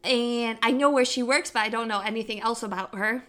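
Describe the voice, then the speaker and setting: Animated young woman telling a story. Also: a little fast. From Africa. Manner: animated, acts out quotes in a squealing high voice. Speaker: podcast co-host telling a story. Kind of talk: casual storytelling chat.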